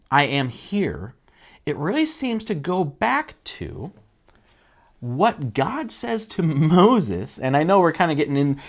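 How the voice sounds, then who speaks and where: A man giving a casual Bible teaching sermon. He asks rhetorical questions and acts out the quotes. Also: on the high side. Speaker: church teacher.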